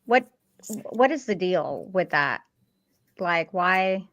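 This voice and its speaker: Female co-host and actor, bright tense voice, emphatic and blunt, slightly muffled recording. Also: lowish voice, lively intonation, slow. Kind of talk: casual film review chat.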